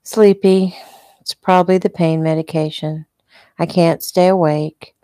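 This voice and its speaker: A woman voicing an injured young husband in a hospital bed, speaking softly and slowly. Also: on the low side, steady tone, no room sound, clean studio sound, natural voice. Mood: tender.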